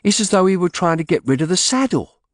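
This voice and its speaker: A man voicing a distraught young servant woman with high, frantic cries, in an audiobook. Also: sing-song, quick pace, no room sound, studio quality. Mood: alarmed.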